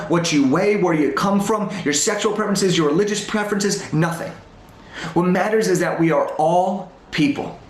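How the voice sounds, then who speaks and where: A young man giving a motivational storytelling talk to a school assembly, animated and using dramatic pauses. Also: high-pitched, slight background noise. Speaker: motivational speaker. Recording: roomy echo.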